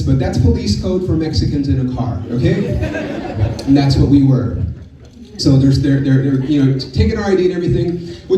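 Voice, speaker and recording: A man's voice: on the high side, warm tone. A man doing a loose, chatty stand-up set, often saying dude. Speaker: stand-up comedian. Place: live comedy club. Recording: echoey club, distant mic, audience audible. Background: crowd noise.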